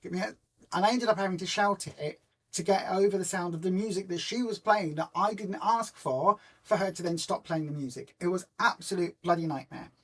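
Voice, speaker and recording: A woman's voice: on the low side, brisk, husky. A woman hosting a casual live stream for her weight loss group, rambling through stories and answering viewer comments. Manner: rambling, chatty storyteller who retells conversations in reported speech; homely and informal, many ums and restarts.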